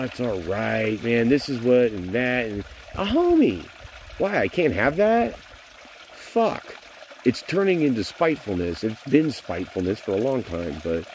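A man's voice: sits low, warm tone, slight background noise. Bitter, profane man in his forties. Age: 40s. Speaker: vlogger. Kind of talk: venting vlog monologue.

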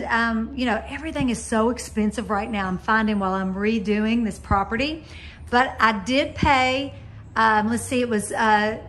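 A woman's voice: on the high side, a bit bright, a little hiss or hum. A middle-aged woman giving an enthusiastic, chatty walkthrough of a house she is renovating, filmed on a handheld phone. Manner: chatty, enthusiastic, with frequent ums. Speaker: real estate investor vlogger. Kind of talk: casual walkthrough vlog. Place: empty gutted house, indoors. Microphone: handheld phone camera.

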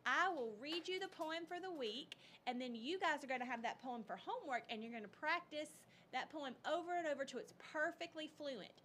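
A woman teaching second graders in a recorded lesson, upbeat and expressive in a teacherly way. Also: sits high, brisk, few pauses, slight background noise.

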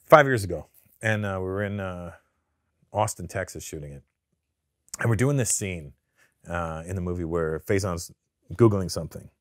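Canadian-raised man guest, lowish voice, dry studio sound, loose profane storytelling. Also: moderate pace, long pauses, no room sound. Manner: profane, animated storyteller who acts out quotes. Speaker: guest comedian. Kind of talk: casual interview storytelling. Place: studio sit-down interview.

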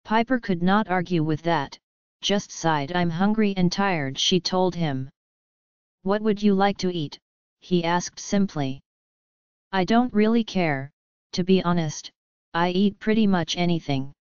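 Low, clear woman reading an audiobook. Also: a little slow, no room sound. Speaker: audiobook narrator. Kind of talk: scripted narration. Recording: dull, slightly lo-fi dry recording.

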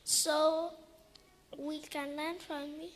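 A woman's voice: high voice, level tone, extremely slow. A woman leading an earnest prayer at a church children's corner. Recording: echoey church with faint noise.

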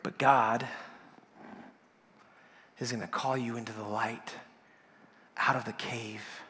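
A male pastor preaching a sermon, dramatic, swinging from loud declarations to whispers, with a long hall reverb. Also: medium pitch, fairly even intonation, slow pace, pauses often, a little hiss or hum.

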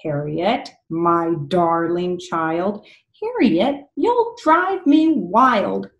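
A woman voicing a gentle, exasperated young mother who pleads in a sing-song way, rising on each last word. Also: mid-range voice, takes it slowly, dull audio. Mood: pleading exasperated. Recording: echoey room.

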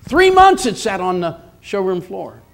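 Older male pastor in his 70s, high voice, emphatic repetitive preaching. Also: big pitch swings, measured pace, gravelly. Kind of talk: sermon.

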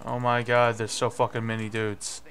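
A young man doing live gameplay commentary, swearing and getting frustrated, with sudden yelling bursts. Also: medium pitch, monotone, moderate pace. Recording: faint music behind.

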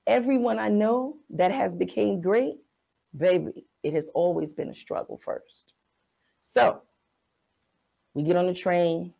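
A woman's voice: on the low side, measured pace, vocal fry, long pauses, warm tone, low-quality recording. A woman, frankly telling a personal story as a podcast host in a profane, conversational way.

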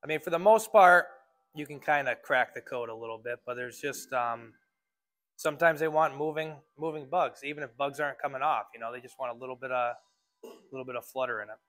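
A man's voice: medium pitch, a little fast, fairly bright tone, faint music behind. A man working as a fishing guide, giving a casual talk to a club audience and speaking in a loose, filler-heavy way.

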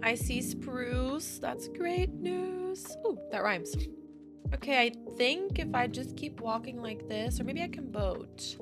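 A woman giving casual, chatty gameplay commentary, easily excited and gasping at new finds. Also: sits high, slow. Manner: chatty, excitable, gasps at discoveries. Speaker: Minecraft gaming creator. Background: background music.

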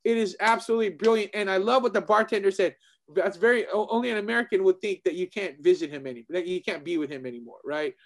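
A man, a martial arts instructor, chatting casually as co-host, animated and excitable, often repeating himself. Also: high voice, fast, gravelly. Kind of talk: casual chat.

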